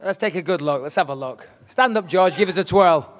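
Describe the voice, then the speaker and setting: A man at a press conference, taunting and swearing with cocky swagger. His voice sits high for a man. It rings out with a long reverb, as in a big hall. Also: fairly quick, slight background noise. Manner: brash, profane, taunting. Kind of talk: trash talk at a press conference.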